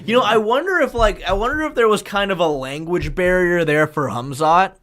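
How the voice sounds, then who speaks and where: A man's voice: sits high, brisk, fairly bright tone, faint music behind. A man chatting casually on a live stream, rambling, swearing freely and thanking viewers.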